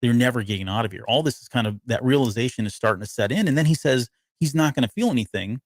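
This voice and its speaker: This podcast co-host is a fast talker with an expressive, medium-pitched voice, casually breaking down a TV episode. He wanders as he talks, restarting often and using plenty of fillers, with no room sound in the background.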